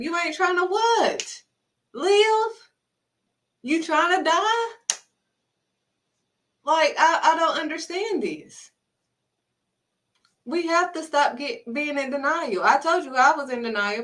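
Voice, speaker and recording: A woman's voice: high-pitched, expressive, unhurried, pushed and bright. A woman giving a blunt, emphatic faith talk to camera, scolding and repeating herself for emphasis. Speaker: faith vlogger. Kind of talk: preachy direct-to-camera talk. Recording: voice somewhat distant from mic.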